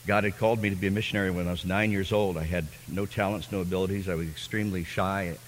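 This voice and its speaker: A man preaching a personal testimony as a sermon, telling his story with fervor and swinging from hushed, quiet passages to loud, impassioned ones. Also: low-pitched, steady tone, quick pace, in a large hall, slight background noise.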